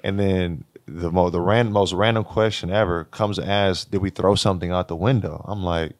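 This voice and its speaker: A young man with a very low voice tells a story as a podcast guest. He is animated, laughs often and acts out the lines of others. The sound is dry and close to the mic. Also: moderate pace, no room sound. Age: 20s. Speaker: guest, college basketball player. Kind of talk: casual storytelling interview.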